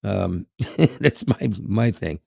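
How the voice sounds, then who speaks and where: A man's voice: on the low side, expressive, very slow, creaky, darkish tone, dry recording, clean studio sound. A man, co-hosting a podcast in casual chat, laughing often and repeating words. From Canada. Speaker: podcast co-host.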